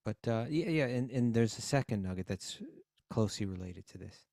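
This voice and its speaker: Male co-host with a gravelly, low voice and a relaxed manner, recorded dry. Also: brisk, dry recording. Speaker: podcast co-host. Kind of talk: casual podcast chat.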